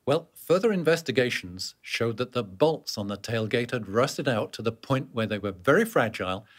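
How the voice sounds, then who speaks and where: A man giving scripted narration for a workplace safety training course, explaining step by step and answering his own questions. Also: mid-range voice.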